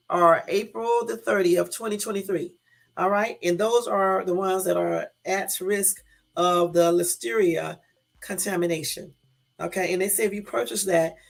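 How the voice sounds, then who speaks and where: A woman's voice: lowish voice, vocal fry. A woman hosting a casual live stream, reading out news and talking straight to her viewers with emphatic, exasperated asides. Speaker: YouTube live-stream host. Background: faint background music.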